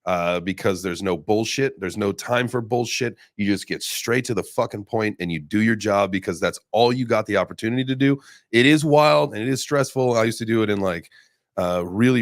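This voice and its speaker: A man's voice: lowish voice, fairly quick, dry recording, studio quality. A man hosting a casual group call, starting over often and swearing as he talks. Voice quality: swears, stammers into restarts.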